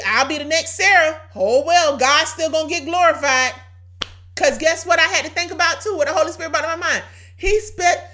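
Brief: high-voiced woman preacher, exhorting, hoarse. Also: fairly bright tone. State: voice going hoarse. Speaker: podcast preacher. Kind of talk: informal sermon.

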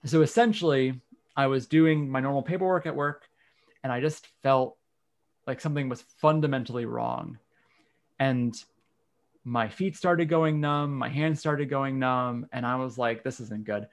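A man's voice: medium pitch, measured pace. A man, candidly telling a personal story in casual conversation. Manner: candid, frank, occasional swearing. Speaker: guest.

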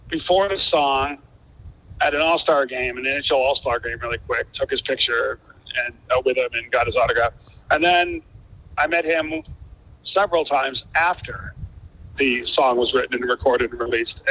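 A man, a guest musician, telling stories energetically in a casual interview and acting out the dialogue. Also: mid-range voice. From Buffalo, New York. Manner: energetic, acts out quoted dialogue. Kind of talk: animated storytelling in casual conversation. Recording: dull lo-fi sound.

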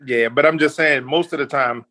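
A man's voice: mid-range voice, normal speed. A man chatting casually as a podcast guest, acting out quoted lines with lots of energy. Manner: animated, acts out quotes. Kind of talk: casual chat.

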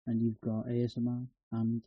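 A man's voice: mid-range voice, monotone, moderate pace, husky, no echo. A man co-hosting a podcast with sweary, jokey interjections over a dull lo-fi mic. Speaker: podcast co-host. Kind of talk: casual banter.

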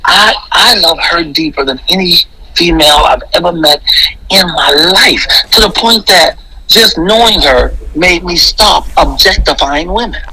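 A middle-aged man, a comedian and interview guest, giving an exuberant, preachy testimony in quick bursts. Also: a little high, bright, forceful tone, slightly rough, rough recording.

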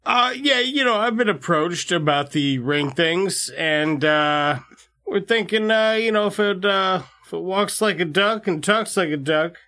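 Gruff, foul-mouthed fired coach, put on by a man, put-on Chicago accent, bright tone. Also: high-pitched, a little slow, voice pushed up. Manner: gruff, swearing, rambling. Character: crude fired male football coach, blunt. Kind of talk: improvised comedy bit.

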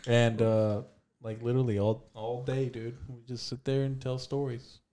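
A man with a dark, mellow voice guesting on a podcast. He teases in a dry, offhand way during loose chat. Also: medium pitch, level tone, moderate pace. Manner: dry, teasing. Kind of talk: casual chat.

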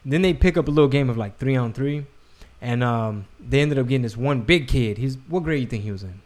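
A man's voice: mid-range voice, brisk, a little mellow. A man in casual chat, a laid-back, joking storyteller who swears freely. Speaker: podcast co-host.

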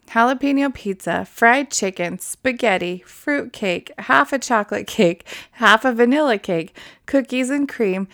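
A woman's voice: on the high side, no echo, clean studio sound. A woman chatting casually as a podcast co-host, laughing easily and reading items aloud. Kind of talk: casual chat.

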